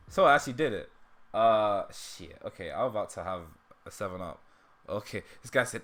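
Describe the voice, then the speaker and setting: A man talks casually to his livestream viewers and laughs often at himself. His voice is bright and mid-pitched, and his throat sounds dry. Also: animated, moderate pace. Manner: laughs often, self-deprecating. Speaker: livestream host.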